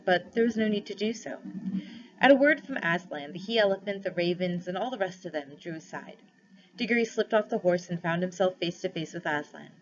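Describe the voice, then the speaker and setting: A woman teacher reading a novel aloud to her class, stopping to set questions. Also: fairly low pitch. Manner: storytelling read-aloud with pauses for questions. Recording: dull lo-fi recording.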